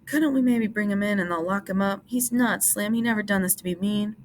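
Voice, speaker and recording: A woman voicing a weary, guarded ranch worker who speaks in low, clipped lines. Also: fairly quick, lightly acted.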